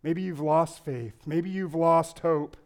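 A man preaching a sermon as pastor, rising to loud impassioned lines and dropping low, with playful asides to the congregation. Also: steady tone, slow pace.

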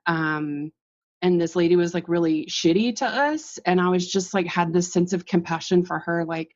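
A woman's voice: on the low side, moderate pace, darkish tone. A woman therapist co-hosting a casual chat, rambling with many fillers. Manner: rambling, filler-heavy, laughs often. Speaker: therapist, podcast co-host. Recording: dull, muffled sound.

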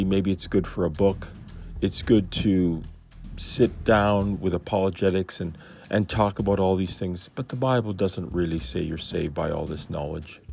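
A man's voice: lowish voice, dark tone, a little hiss or hum. Musing man thinking aloud over scripture. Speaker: Bible study teacher. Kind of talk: casual Bible commentary.

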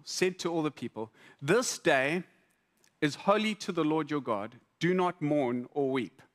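A man preaching a sermon to a congregation, conversational and humorous, with lively repetitions. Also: a little high. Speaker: pastor. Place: church hall before a congregation.

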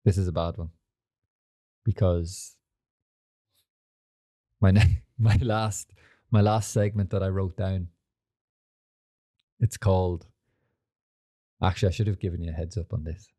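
A young man with a low, mellow voice hosts a laid-back podcast. He rambles from story to story, swears freely and leans on fillers as he goes. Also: steady tone, a little slow, pauses often. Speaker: podcast host. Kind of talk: casual chat.

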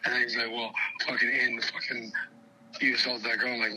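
A man's voice: medium pitch, level tone, fast talker, pushed and bright, slight background noise, low-quality recording. A man on a call, telling a heated story in a rambling, profane, agitated way. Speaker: caller telling his story. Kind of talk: heated phone chat.

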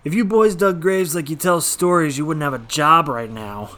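A man's voice: a little high, normal speed, pushed and bright. An actor playing a gaunt, stern old male mortician who scolds his workers in a dry, formal way. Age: older.

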